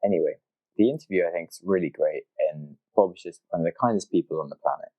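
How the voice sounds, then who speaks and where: A man hosting a podcast, casually telling a story and acting out people's reactions with lively jumps in his voice. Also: low voice, fast, no room sound, rough recording. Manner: animated, acts out quoted reactions. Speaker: podcast host.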